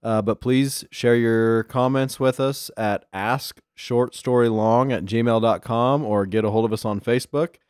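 Male host, quick and loose, filler-heavy. Dry room. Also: mid-range voice, steady tone, darkish tone, clean tone, no echo. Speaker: podcast host. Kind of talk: casual chat.

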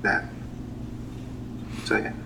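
A young adult man from Haiti with a Haitian accent, a guest in a casual interview, talking hesitantly with many pauses and restarts. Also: pushed and bright, slight background noise, low-quality recording.

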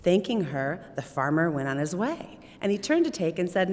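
A woman storyteller with a low voice reads a tale aloud, swinging her pitch in lively, animated arcs. The sound carries a long hall reverb. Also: moderate pace.

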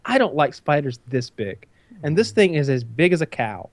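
A man co-hosting a podcast in casual chat, animated and profane, with frequent restarts and fillers. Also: fairly high pitch, normal speed, a little hiss or hum.

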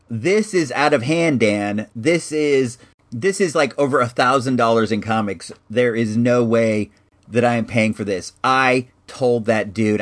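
A middle-aged man hosting a podcast, telling a long casual story with frequent restarts and fillers. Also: medium pitch.

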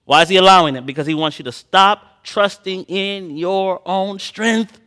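A man preaching a sermon, reading scripture slowly and swinging between loud emphatic passages and quiet personal asides. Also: high-pitched. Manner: slow drawn-out Bible reading.

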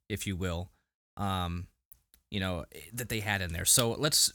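A man's voice: on the low side, sharp tone, no echo, studio quality. A man co-hosting a casual podcast, recapping a TV episode with frequent fillers and restarts. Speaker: podcast co-host. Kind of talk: casual episode review chat.

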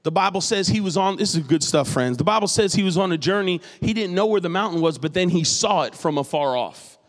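A man from New England delivers a sermon in a high, bright voice. He talks animatedly, like a storyteller who likes a joke. His voice rings through a large hall with a long echo. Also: fairly quick. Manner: animated, jokey storytelling preacher. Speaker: pastor.

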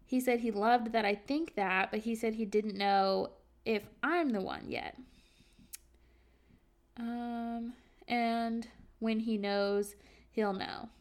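A woman in her twenties, a podcast host, reading her own journal entries aloud in a candid, halting way with many fillers. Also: a little high, fairly even intonation. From Virginia. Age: 20s.

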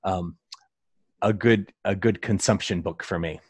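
A man with a fairly low voice hosts a relaxed interview. He chats easily and laughs often. His voice is recorded dry and close. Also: measured pace, breathy edge, no echo. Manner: laughs a lot, relaxed and chatty. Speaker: interview host. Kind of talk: casual interview chat.

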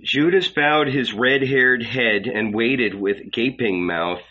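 Casting: slow-reading male narrator, bright husky voice, dull lo-fi recording. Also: medium pitch. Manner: measured, unhurried storytelling. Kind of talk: audiobook reading.

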